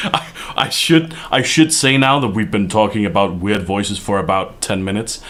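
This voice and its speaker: A man casting an esports match chats in easy, jokey banter and laughs often. His voice sits fairly low. He speaks through a headset mic. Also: normal speed, fairly bright tone. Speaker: esports caster. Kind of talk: casual chat between matches.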